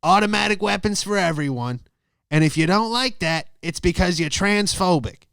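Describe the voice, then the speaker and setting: A man's voice: high-pitched, expressive, normal speed, gravelly, fairly bright tone, clear, resonant tone, no echo, clean studio sound, pitched above the performer's own voice, heavily acted. A man putting on a brash female politician who sounds swaggering and offhand.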